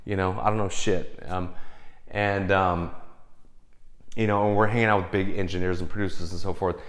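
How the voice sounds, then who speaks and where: A man in casual monologue, telling studio stories with a slightly low voice. He rambles, restarts, swears freely and slips into little voices for the people he quotes. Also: level tone, normal speed. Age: young adult or older, past twenties. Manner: rambling, profane, acts out quotes. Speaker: film composer.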